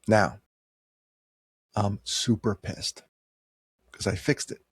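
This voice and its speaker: A man's voice: fairly low pitch, fairly even intonation, slow, husky, no room sound, clean studio sound. A man in his sixties telling a personal story in a heartfelt, conversational way, with rising emphasis. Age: 60s. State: tearing up.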